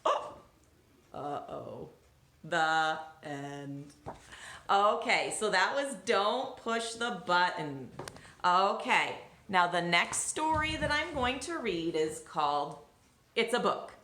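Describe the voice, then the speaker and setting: Lively, bright-voiced woman reading aloud. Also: medium pitch, slow pace, a little hiss or hum. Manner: gentle, chatty, talks to young listeners. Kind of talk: children's read-aloud. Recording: roomy echo.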